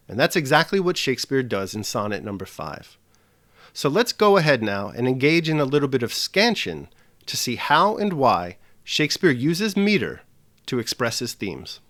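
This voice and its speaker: A man's voice: mid-range voice, a bit bright. A man narrating a scripted literature lesson, explaining poetry with emphatic stresses. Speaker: literature teacher.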